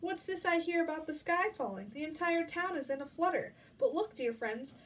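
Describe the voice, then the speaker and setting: A woman's voice: lively intonation, moderate pace. Woman doing a grand crowing rooster king. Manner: booming, crowing, stately. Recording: distant mic, faint background noise.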